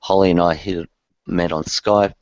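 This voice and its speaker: A man hosting a live webinar in a relaxed way, reading viewer comments aloud. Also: deep voice, normal speed, no echo, lo-fi sound. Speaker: webinar host.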